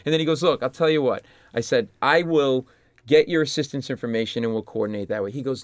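Animated storytelling comedian, dry sound. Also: male voice, mid-range voice, fast, no room sound. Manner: lively anecdotes, jumping into loud voices of people. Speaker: stand-up comedian and podcaster.

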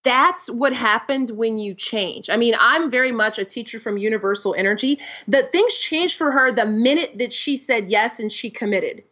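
A woman life coach, a guest on an interview podcast, telling client stories in an animated way. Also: a little high, moderate pace, few pauses, dull audio. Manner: animated storytelling, acts out client quotes.

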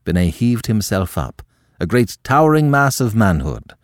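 A man narrating a classic novel in an expressive, measured storytelling manner. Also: lowish voice, dry recording, clean studio sound. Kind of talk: scripted audiobook narration.

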